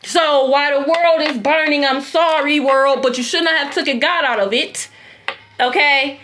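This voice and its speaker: Brash, high-voiced tarot reader woman. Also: normal speed, a little hiss or hum. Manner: blunt, profane, animated. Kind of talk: casual tarot reading livestream.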